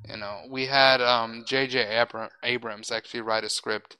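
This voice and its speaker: A man's voice: medium pitch, steady tone, moderate pace, bright, forceful tone, clear, resonant tone, poor audio. A man hosting a podcast, chatting casually with strong opinions and a lot of restarts, and swearing now and then. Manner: rambling, opinionated, frequent restarts. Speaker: podcast host. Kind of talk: casual chat.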